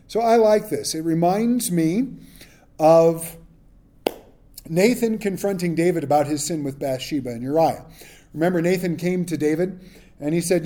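Pastor type, man, somewhat high voice, warm tone, reads the text then riffs on it with humor. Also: measured pace. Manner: reads scripture then adds casual, joking asides. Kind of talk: conversational Bible teaching.

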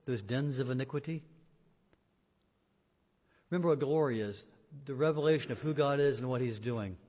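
A man's voice: medium pitch, normal speed, long pauses. Emphatic male preacher in a hall. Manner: emphatic, rising and falling in loudness, repeats words for weight. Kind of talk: sermon. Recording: dull sound in a reverberant hall.

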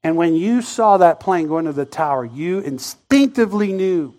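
A man preaching a sermon as a story, animated, swinging between loud outbursts and hushed, quiet passages. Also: fairly high pitch, normal speed.

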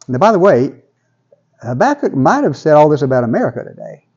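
A man's voice: fairly high pitch, big pitch swings, brisk, darkish tone, breathy edge, highs cut off. A man preaching a sermon in a conversational way, often repeating words as he builds toward a point. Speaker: pastor.

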